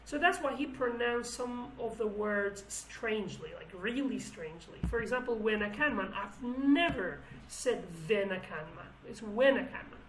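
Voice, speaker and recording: Female teacher, Kurdish accent, slightly high pitch, explains patiently with restarts; roomy recording. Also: lively intonation, normal speed, few pauses. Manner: explanatory, with many restarts and fillers. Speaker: language teacher. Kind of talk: language lesson. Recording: roomy with faint background noise.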